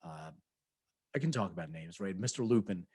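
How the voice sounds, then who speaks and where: A man's voice: low voice, animated, moderate pace, darkish tone, breathy edge, no room sound. A man co-hosting a podcast, telling rambling anecdotes in casual chat, acting out quoted voices and laughing often. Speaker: podcast co-host.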